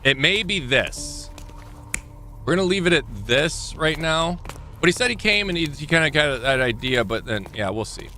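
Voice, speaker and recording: A man's voice: on the high side, animated, moderate pace, pushed and bright, soft background music. A young man streaming a game live, thinking aloud and rambling as he corrects himself mid-thought. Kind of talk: live gameplay commentary.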